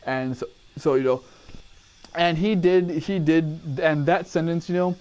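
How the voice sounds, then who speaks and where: A man's voice: a little high, moderate pace, a little mellow. Profane, rambling army veteran man. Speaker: army veteran telling training stories. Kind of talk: casual storytelling to camera.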